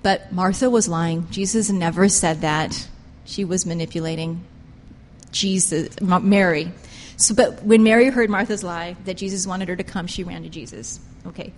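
A woman preaching a sermon with passion, pressing her points hard and swinging between loud emphasis and quiet intensity. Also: lowish voice, moderate pace, in a large hall, a little hiss or hum. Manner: impassioned, emphatic, rises and drops sharply in loudness.

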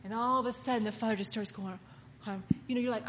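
High-voiced, dramatic woman preacher. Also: fairly even intonation, fast, a bit bright, in a large hall. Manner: dramatic, acts out voices, laughs often. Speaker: Bible teacher and preacher. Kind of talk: animated sermon-style Bible teaching.

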